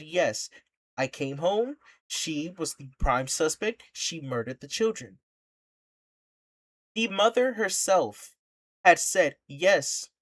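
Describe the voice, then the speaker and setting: Brief: streamer, mid-register voice, angry reaction rant with repeated emphatic lines. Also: mid-range voice. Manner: indignant, impassioned ranting; rhetorical questions, repeats for emphasis.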